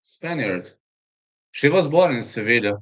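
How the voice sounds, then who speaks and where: A man's voice: medium pitch, lively intonation, a little slow, poor audio. A man with a Serbian accent, hosting a live fight stream and chatting in a rambling, storytelling way while reading chat aloud.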